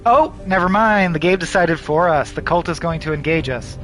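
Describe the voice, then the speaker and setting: A man streaming a video game, reading the story aloud in a playful, animated way. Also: a little high, moderate pace, hardly any pauses, soft background music. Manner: playful and animated, breaks into laughter.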